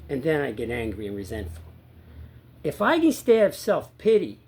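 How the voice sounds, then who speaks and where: Earnest man talking recovery, pitched a bit high. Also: big pitch swings, moderate pace, husky. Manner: earnest, repeats himself, swings from loud emphatic to quiet low. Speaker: sobriety coach. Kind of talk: casual recovery talk to viewers.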